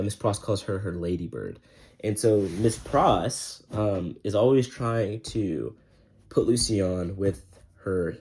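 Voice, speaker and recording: A young man with a somewhat low voice talks through a story's plot in a loose, rambling way, full of slang and fillers. He keeps breaking into quick put-on voices for the characters as he goes. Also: darkish tone. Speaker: book reviewer. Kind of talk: casual book summary.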